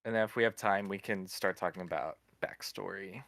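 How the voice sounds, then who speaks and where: A man's voice: low-pitched, brisk, a bit bright, no room sound. A man casually explaining game rules, walking through the steps one by one.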